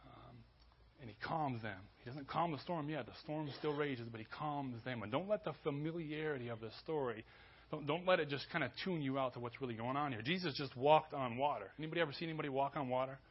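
A man preaching a sermon as pastor, conversational with restarts, building to loud emphasis. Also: medium pitch, fast, slightly rough, lo-fi sound. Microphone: church sermon recording.

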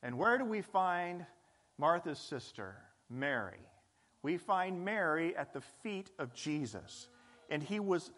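A man preaches a sermon to his congregation, talking in a loose, conversational way. His voice sits high for a man, and he jumps into little acted-out scenes to bring the story to life. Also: a bit bright. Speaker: pastor.

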